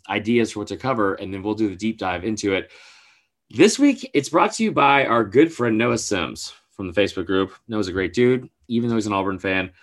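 A man's voice: on the low side, a bit bright. A man co-hosting a casual podcast, telling a story in a rambling way, with lots of filler words and casual swearing. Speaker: podcast co-host.

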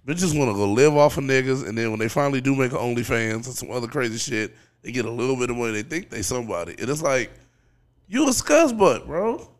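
A man's voice: medium pitch, expressive, fast talker. A man guesting on a casual podcast, talking in blunt, profane, teasing banter.

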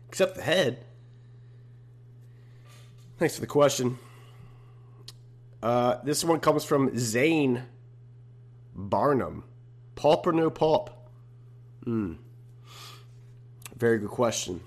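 A young man with a medium-pitched voice hosts his own podcast alone. He chats loosely and easily in slang, calling listeners bro and man. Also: lively intonation, takes it slowly, long pauses. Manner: laid-back slangy talk, bro and man. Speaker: podcast host. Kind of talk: casual solo podcast chat.

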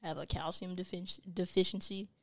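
A woman's voice: on the low side, fairly even intonation, fast, a bit bright. A young woman co-hosting a casual chat, talking loosely and filling gaps with "like.". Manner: chatty, trailing off with lots of "like".

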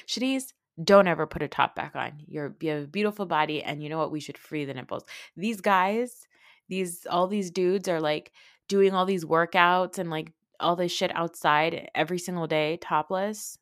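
A woman hosting a podcast, giving a casual, opinionated reality TV recap, swearing freely and mocking people with quick impressions. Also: on the low side, no echo, studio quality. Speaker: podcast host.

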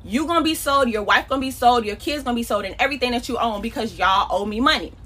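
A woman's voice: a little high, fast talker, pushed and bright. A woman voicing a blunt king who calls in his debts, in slangy, matter-of-fact speech. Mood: stern.

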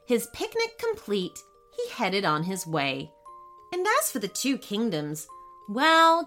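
A woman narrating a children's story in an expressive, unhurried way. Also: mid-range voice. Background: faint music.

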